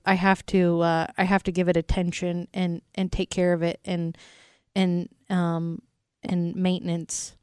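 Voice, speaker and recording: Rambly self-deprecating woman cohost, smooth voice, dry mic. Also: lowish voice, darkish tone, no room sound. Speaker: radio co-host. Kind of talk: casual morning show banter.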